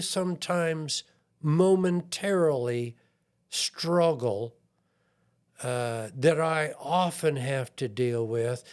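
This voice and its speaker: In a conversational podcast interview, the guest is an IT consultant who speaks sincerely, jokes at his own expense and acts out quoted voices. His voice is smooth and fairly high in pitch.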